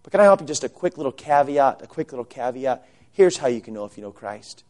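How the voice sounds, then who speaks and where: A pastor preaching a sermon to his congregation in a church. He keeps asking rhetorical questions and swings between quiet low asides and loud, raised emphasis. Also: big pitch swings, fast talker. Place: church sanctuary.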